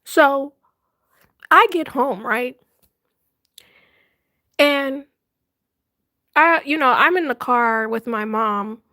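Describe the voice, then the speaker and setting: Slow-talking woman telling stories. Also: on the high side, no echo, clean studio sound. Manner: animated, laughing often, dramatic retelling. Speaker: livestream host. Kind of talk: casual storytelling chat.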